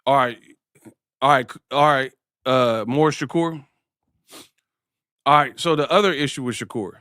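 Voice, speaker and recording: A man's voice: medium pitch, a little slow, pushed and bright, clean tone, no echo, studio quality. A man hosting a live-stream sports talk show. He speaks in slang, jokes, and keeps breaking into impressions. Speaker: host.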